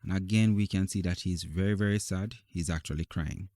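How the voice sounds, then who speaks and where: A man reading a children's story aloud in a gentle, expressive, deliberate way. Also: low voice, dry recording, studio quality.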